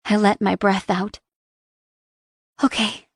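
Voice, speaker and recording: A young adult woman narrating a first-person romance audiobook in a soft, intimate reading. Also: medium pitch, takes it slowly, no echo, clean studio sound.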